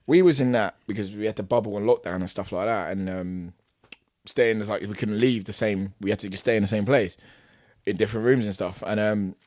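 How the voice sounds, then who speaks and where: A man's voice: lowish voice, brisk, a little mellow, no echo. A young British man, a boxer, telling a backstage story on a podcast in casual slang, acting out both sides of the argument and laughing as he goes.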